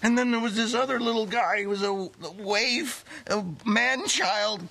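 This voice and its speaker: An actor playing an excitable husband who rambles breathlessly about a nightmare in a comedy sketch. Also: male voice, high voice, measured pace, gravelly, full character voice. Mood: rattled. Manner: breathless, rambling, frantic storytelling. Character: excitable middle-aged husband, jumpy and rambling.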